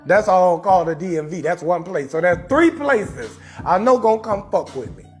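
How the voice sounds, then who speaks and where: A man from New Orleans with a New Orleans accent, a comedian hosting a live stream and roasting someone in a loud, profane rant with shouted bursts. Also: high-pitched, animated, normal speed, faint music behind. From New Orleans, USA.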